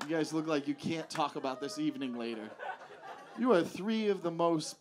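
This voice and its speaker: Brash stand-up comic roasting the crowd. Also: male voice, on the high side, normal speed, background noise. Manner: brash, profane, teasing audience members. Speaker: stand-up comedian. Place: comedy club stage. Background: audience laughter.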